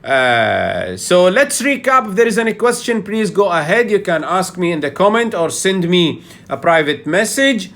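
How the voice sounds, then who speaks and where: A man's voice: high-pitched, big pitch swings, moderate pace, few pauses, a bit bright. A man teaching a live online public speaking session in a chatty way, often checking in with "yeah?".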